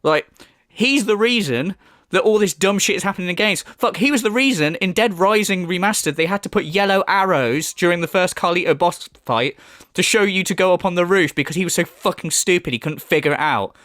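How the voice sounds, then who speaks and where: A man's voice: high-pitched, brisk, fairly bright tone, no echo, studio quality. A man giving a profane, mocking rant as a commentary YouTuber. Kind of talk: ranting reaction commentary.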